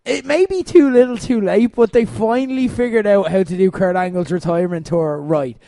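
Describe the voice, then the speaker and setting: High-voiced animated man. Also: fairly quick, creaky, dry recording. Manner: animated, laughs often, swears casually. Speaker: podcast co-host. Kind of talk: casual chat.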